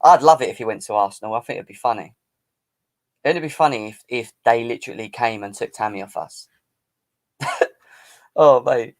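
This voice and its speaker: Man, live-stream host, boisterous banter, teasing, average pitch. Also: normal speed, long pauses. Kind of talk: casual live-stream football chat.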